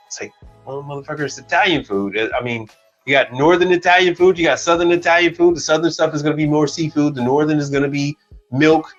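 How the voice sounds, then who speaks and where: A man's voice: a little high, fairly even intonation, fast talker, a bit bright, lo-fi sound, faint music behind. A man hosting a casual livestream, telling stories bluntly and with plenty of profanity, acting out the dialogue. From Chicago. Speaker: livestream host.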